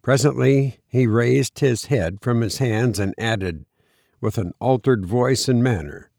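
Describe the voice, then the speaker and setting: A man reading a story aloud as narrator in a measured, even way. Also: mid-range voice, creaky, no echo, studio quality. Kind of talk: audiobook reading.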